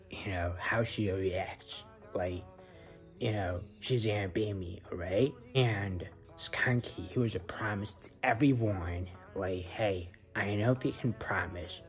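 A man casually retelling a video for his channel, rambling with lots of fillers and often half-whispering. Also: fairly low pitch. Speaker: reaction vlogger.

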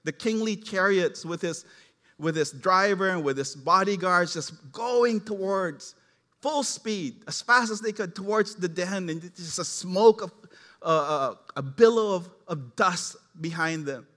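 A male pastor preaching a sermon with animated storytelling, acting out the characters as he retells the passage. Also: sits high, big-room sound.

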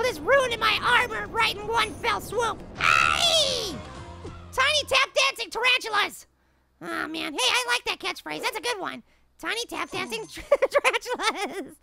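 A woman voicing a tiny, childlike cartoon apple who gives giddy gameplay commentary, laughing a lot and shouting silly catchphrases at the game. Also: very high voice, huge pitch swings, measured pace, gravelly, full character voice. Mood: excited. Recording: game music playing behind the voice. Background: game music and sound effects.

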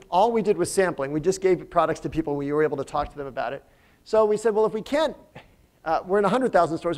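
A man, a company founder, giving a conversational business lecture with slides and putting questions to the audience. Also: sits high. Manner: frequent fillers and restarts. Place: university lecture room.

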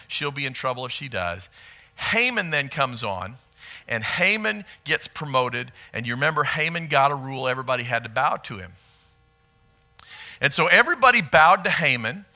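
A man preaching a sermon as pastor, telling a story with lively asides and questions to the congregation. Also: medium pitch, normal speed. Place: church sanctuary.

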